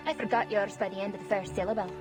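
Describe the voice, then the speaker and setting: A man's voice: sits high, steady tone, very fast, music in the background, pitched above the performer's own voice, natural voice. A man voicing a scatterbrained, folksy woman who keeps a camp drinking. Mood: chummy. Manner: rambling, folksy.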